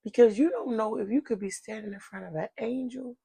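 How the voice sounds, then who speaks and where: A woman co-hosting a podcast in casual chat, animated and exclamatory, giving advice. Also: a little high, a little fast, gravelly, husky. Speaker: podcast co-host.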